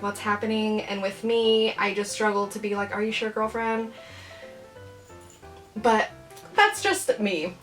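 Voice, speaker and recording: A woman's voice: on the high side, a bit bright. A young adult woman hosting a casual reading vlog, chatting about her new books in a playful, rambling, self-deprecating way. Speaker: book vlogger.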